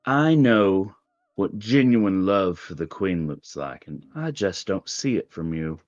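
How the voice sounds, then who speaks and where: Brief: man playing a cool, exacting woman bartender, measured and stern, dry dull sound. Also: sits low, lively intonation, darkish tone, no echo.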